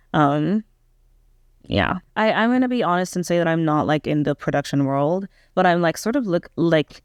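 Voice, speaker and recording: In a clean, low-pitched voice, a young woman thinks aloud while casually reviewing a pop album, her hesitant speech full of "um" and "like." Her critique is frank and self-questioning, and the studio-quality audio carries no echo.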